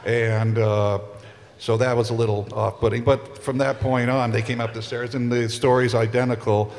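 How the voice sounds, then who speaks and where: A man's voice: mid-range voice, flat delivery, moderate pace, darkish tone. An older man composer on a convention panel, telling a story in a dry, matter-of-fact way. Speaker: panel guest, film composer. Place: large convention stage hall. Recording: reverberant stage hall.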